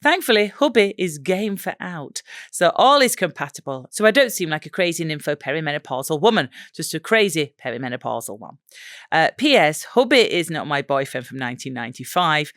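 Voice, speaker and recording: A woman co-hosting a podcast, reading listener stories aloud in a giggly, lively way, with an English accent. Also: low-pitched, fairly quick, dry recording, studio quality. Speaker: podcast co-host.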